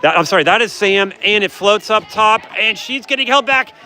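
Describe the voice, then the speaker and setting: A man commentating a youth water polo game live from the stands, excitable, with chatty asides, hoarse from yelling. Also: high-pitched, a little fast, some chatter behind. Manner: excitable, shouts on big plays, chatty asides. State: coughing from yelling. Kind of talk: excited amateur play-by-play commentary.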